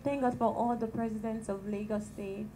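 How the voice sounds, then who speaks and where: A Nigerian woman with a tiny, soft voice, praying and speaking calmly and gently to a church women's gathering into a handheld microphone. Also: a little high, moderate pace, slight background noise, rough recording. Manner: calm and gentle, chatty with light laughs. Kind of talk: prayer and talk to a church gathering.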